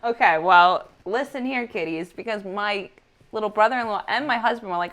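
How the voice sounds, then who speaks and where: A woman's voice: mid-range voice, a little fast, fairly bright tone. A woman in her thirties, a comedian hosting a casual chat, laughing often and swearing freely. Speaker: comedian podcast host.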